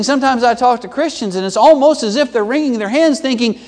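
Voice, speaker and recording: A man preaching a sermon as pastor, swinging between loud emphatic peaks and low, quiet drops. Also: fast talker, hardly any pauses. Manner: emphatic preaching with sweeping pitch and loudness swings. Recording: long hall reverb.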